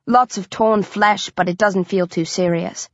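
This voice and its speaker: A woman's voice: medium pitch, steady tone, a little slow, no room sound. A woman reading a first-person thriller audiobook, with tense, vivid storytelling. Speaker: audiobook narrator. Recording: dry, dull lo-fi recording.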